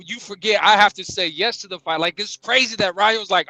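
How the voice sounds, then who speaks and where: A man's voice: high voice, fairly quick, sharp tone, dry recording, low-quality recording. A man on a boxing panel, chatting casually and stammering, repeating words as he builds his points.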